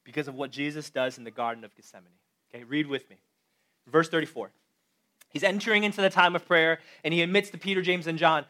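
Guy preaching a sermon, kinda high voice, chatty and animated, keeps asking the crowd stuff. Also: quick pace. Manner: conversational, animated, addresses the audience directly. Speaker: pastor.

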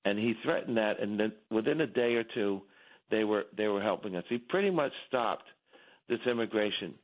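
A man's voice: on the low side, expressive, moderate pace. A middle-aged man calling in as a radio guest, giving fervent, repetitive political commentary with many restarts, heard over a phone line.

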